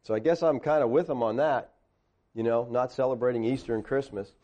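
A man preaching in a conversational teaching style, animated, tossing sarcastic asides and questions to his listeners. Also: medium pitch, fairly quick, dull audio.

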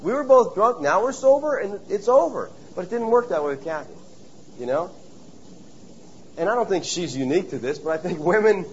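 A man preaching a sermon, telling stories and acting out voices with lively animation. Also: on the high side, highs cut off, slight background noise. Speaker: pastor.

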